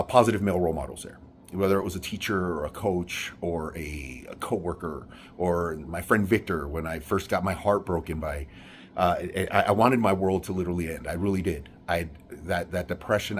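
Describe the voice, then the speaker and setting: A man telling a personal story in an earnest, halting way, with many restarts and fillers. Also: deep voice, a little hiss or hum.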